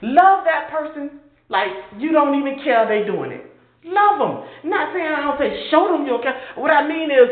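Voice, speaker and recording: A woman's voice: sits high, big pitch swings, normal speed. Older woman preaching over a tinny line. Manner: impassioned, conversational, mimics others in mocking asides. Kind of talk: informal sermon. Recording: phone-quality audio in an echoey room.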